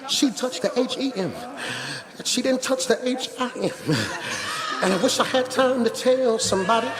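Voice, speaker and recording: Crowd noise and music fill a reverberant church hall as a high-voiced pastor gives his sermon at a moderate pace. He preaches conversationally at first, building up to shouting.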